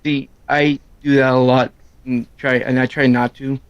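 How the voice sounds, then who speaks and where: Loud fast-talking dude just rambling on stream, dry close sound. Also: male voice, medium pitch, flat delivery, clean tone, no room sound, lo-fi sound. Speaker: streamer co-host. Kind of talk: casual chat.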